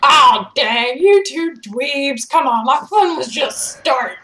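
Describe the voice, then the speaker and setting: A woman's voice: high-pitched, animated, takes it slowly, pushed and bright, reverberant, full character voice. A woman voicing a sneering male ghost villain in an amateur fanfic read-aloud, taunting and name-calling.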